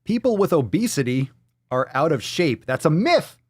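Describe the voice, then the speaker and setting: A male podcast host ranting on a live stream, profane and mocking throughout. His pitch leaps and dives all over the place, and he swings from loud outbursts to low muttered asides. The sound is close and dry, with no room around it. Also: big pitch swings, normal speed, breathy edge, no room sound.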